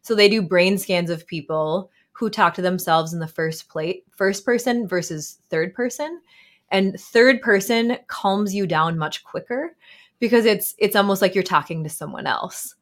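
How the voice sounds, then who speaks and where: This thirty-something therapist and author appears as a guest in a casual interview, speaking at a measured pace in a medium-pitched voice. She is reflective, often using fillers and laughing softly.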